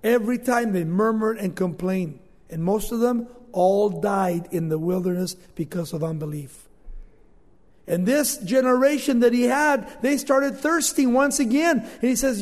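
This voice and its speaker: A male preacher delivering an informal, storytelling sermon with big shifts in loudness. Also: high voice, steady tone, moderate pace, long reverb tail.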